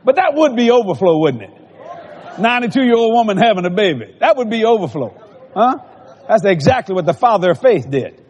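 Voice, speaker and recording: A male preacher delivers a sermon, stacking phrases and firing questions at the congregation. His voice sits very high and sounds husky. It carries a long reverb from a large hall. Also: big pitch swings, brisk, darkish tone. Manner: repetitive building cadence, calls out to the congregation.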